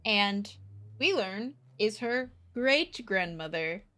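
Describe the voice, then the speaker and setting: A woman co-hosts a podcast in a casual, unhurried way. She talks slowly and recaps the plot in a loose, chatty manner. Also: mid-range voice. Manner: relaxed, recapping the plot with acted quotes. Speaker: podcast co-host. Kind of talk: casual book discussion.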